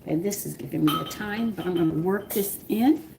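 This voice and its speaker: Host, woman, gravelly voice, chatty cooking demo, noisy kitchen with pots clattering. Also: fairly low pitch, normal speed. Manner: chatty, explains steps while working dough by hand. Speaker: home cooking show host. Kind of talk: live-stream cooking demonstration. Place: home kitchen.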